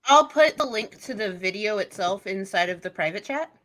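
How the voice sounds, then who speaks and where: A woman's voice: medium pitch, expressive, moderate pace, a bit bright. A woman co-hosting a casual stream, chatty and hesitant, with many fillers. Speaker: stream co-host.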